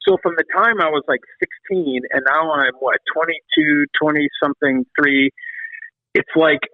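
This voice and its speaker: A middle-aged man, a former metal drummer, telling long stories in a casual interview, animated and rambling, often restarting and swearing. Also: on the high side, normal speed, dry recording. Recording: dry, phone-like call audio.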